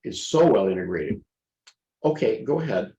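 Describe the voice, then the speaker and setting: Man presenting a webinar, low and mellow, halting and thoughtful. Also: very animated, dull audio. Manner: thoughtful, halting, with repeated restarts. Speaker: presenter and teacher. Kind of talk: webinar presentation, casual commentary. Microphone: video call.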